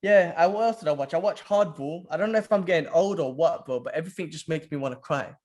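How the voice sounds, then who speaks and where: A podcast co-host speaks fast in a rather high, slightly mellow voice during a casual chat. He's laid back, says "bro" a lot and gets enthusiastic about films.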